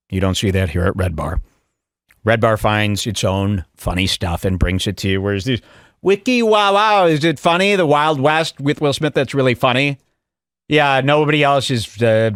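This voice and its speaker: A male podcast host giving casual, mocking commentary in a sarcastic, animated way, somewhat out of breath. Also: medium pitch, no echo, clean studio sound. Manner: sarcastic, animated, breaks into mock voices.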